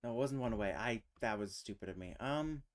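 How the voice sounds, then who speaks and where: A man's voice: on the low side, lively intonation, fairly quick. A man streaming alone, thinking aloud as he works through a word puzzle, muttering and trailing off into questions to himself. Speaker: streamer hosting a casual language chat.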